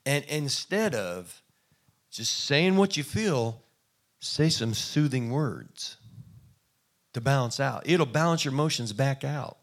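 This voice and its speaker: Folksy male preacher, higher voice. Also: a bit bright. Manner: conversational preaching, folksy asides, acts out quotes. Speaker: pastor. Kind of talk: sermon.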